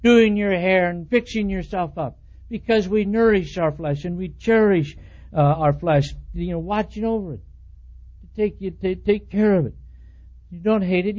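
High-pitched guy preaching, folksy and chatty, muffled old tape sound. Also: normal speed, darkish tone. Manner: folksy, acts out quoted voices with rising pitch. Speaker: pastor. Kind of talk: expository sermon. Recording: dull lo-fi sermon recording.

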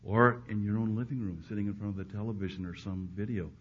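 A man preaching a sermon, swinging between loud emphatic peaks and hushed, quiet asides. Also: on the low side, fast, hardly any pauses, slight background noise. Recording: dull lo-fi recording.

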